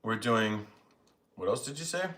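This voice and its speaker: A man's voice: lowish voice, expressive, normal speed, pushed and bright. A man hosting a live stream from home, chatting casually and rambling while he eats, with jokes at his own expense. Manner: rambling, self-mocking, chatty. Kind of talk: casual chat while eating. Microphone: phone.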